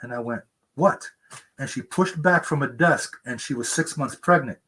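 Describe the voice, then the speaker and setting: Brief: male author, 70s, husky, earnest storyteller, mid pitch, mimics others high. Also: brisk, sharp tone, low-quality recording. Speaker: author guest. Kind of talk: conversational interview. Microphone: remote interview mic.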